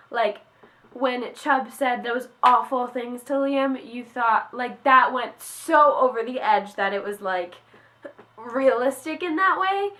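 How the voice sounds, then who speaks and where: Young woman, high voice, casual book vlogger, gets worked up and gushes, heavy on "like". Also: fairly bright tone. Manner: gushing, emotional, fast with many "like"s. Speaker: book reviewer. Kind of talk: casual book review vlog.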